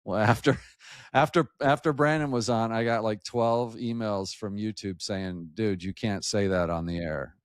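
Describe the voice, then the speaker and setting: A man, a podcast guest who hosts his own show, telling football stories in a lively, joking way over a video call. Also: fairly low pitch, normal speed, clear, resonant tone, no room sound, studio quality. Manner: lively, animated storyteller, jokey. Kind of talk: casual sports chat.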